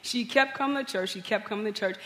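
Woman pastor preaching with long hall reverb. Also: quick pace. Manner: lively, humorous storytelling with big pitch swings. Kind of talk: storytelling sermon.

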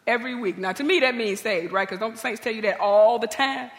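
A woman's voice: fast talker, hardly any pauses. Woman pastor preaching with long hall reverb. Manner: lively, humorous storytelling with big pitch swings. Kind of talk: storytelling sermon.

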